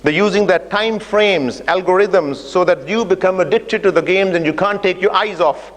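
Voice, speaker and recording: A man's voice: high-pitched, moderate pace. A man giving a storytelling lecture, narrating an imagined journey and acting out dialogue with hesitant fillers. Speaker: speaker giving an Islamic talk. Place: mosque or community centre hall. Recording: long reverb of a large hall.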